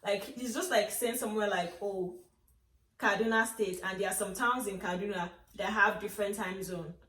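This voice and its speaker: A woman's voice: mid-range voice, normal speed. A young Nigerian woman talks casually to camera, telling stories about life abroad and acting out what others said. Her voice sounds a little distant and bounces around a roomy space. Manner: chatty, animated storytelling with acted quotes. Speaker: vlogger. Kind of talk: casual chat.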